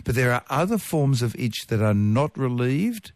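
Guy explaining itch stuff point by point, measured, dead dry room. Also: medium pitch, sing-song, darkish tone, no room sound. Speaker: expert guest explaining science. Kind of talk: explanatory conversation.

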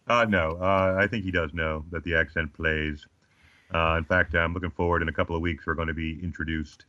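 A man's voice: low-pitched, fairly even intonation, brisk, sharp tone, no room sound. A man in his forties with an Australian accent, telling comic stories in a casual chat as a guest, with a dry joking manner. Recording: slightly dull lo-fi sound.

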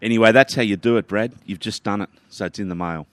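A man co-hosts a podcast, easygoing and quick to laugh as he reads listener mail. His voice sits very low, and the recording is dry and close-miked. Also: no echo. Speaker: podcast co-host. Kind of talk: casual banter, reading listener mail.

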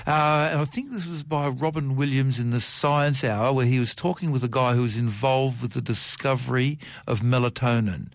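A middle-aged man talking science on radio, animated and piling up vivid examples. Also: medium pitch, dry recording, clean studio sound. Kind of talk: enthusiastic radio science chat. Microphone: studio microphone.

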